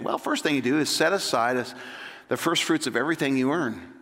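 A middle-aged male pastor preaching a sermon in an energetic, joking, conversational way. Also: mid-range voice, quick pace, in a large hall.

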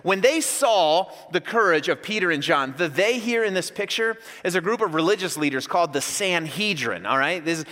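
Animated high-voiced male pastor. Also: normal speed, few pauses. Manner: storytelling, animated, acts out yelling. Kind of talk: sermon. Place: church hall. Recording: long hall reverb.

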